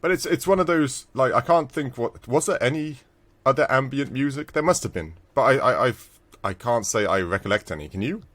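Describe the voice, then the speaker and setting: Animated, laughing man on a podcast. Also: mid-range voice, fairly quick. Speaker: podcast co-host. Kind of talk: casual chat about retro games.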